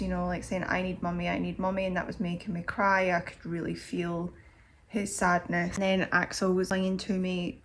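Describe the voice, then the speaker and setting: A woman's voice: medium pitch, slight background noise. A woman in her thirties, drained and emotional, rambling candidly in a confessional vlog. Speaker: vlogger.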